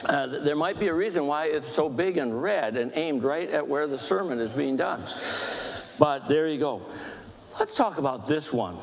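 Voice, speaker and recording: Fast-talking man leading a church talk. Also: fairly high pitch, creaky, long reverb tail. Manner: fast-talking, animated, self-deprecating humor. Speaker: book discussion leader. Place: church hall.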